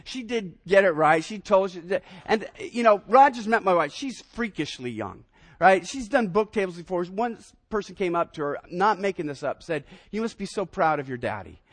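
A man in his fifties, a pastor preaching a sermon, telling personal stories in an animated way and often repeating his first words. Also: high-pitched, normal speed. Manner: animated storyteller, repeats words when starting sentences.

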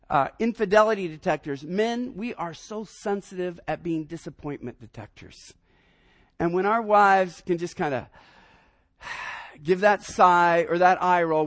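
A man in his fifties, a pastor preaching a sermon, telling personal stories in an animated way and often repeating his first words. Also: sits high. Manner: animated storyteller, repeats words when starting sentences.

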